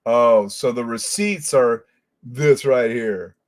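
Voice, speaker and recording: A man's voice: medium pitch, slow. A man hosting a commentary show as a former detective. He rants in a heated, profane way. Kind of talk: angry commentary.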